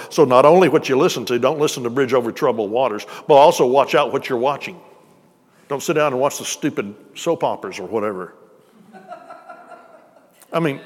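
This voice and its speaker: A pastor delivers a sermon in a loose, conversational style, tucking jokes between his points. His voice sits at an ordinary middle pitch and echoes with the long reverb of a church hall.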